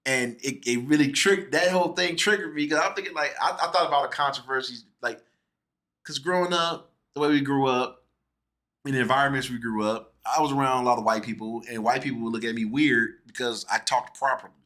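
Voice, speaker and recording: Animated man telling stories, bright tone. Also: medium pitch, a little fast. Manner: animated storyteller who acts out quoted people. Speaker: host reviewing a classic film with his sister. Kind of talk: casual chat.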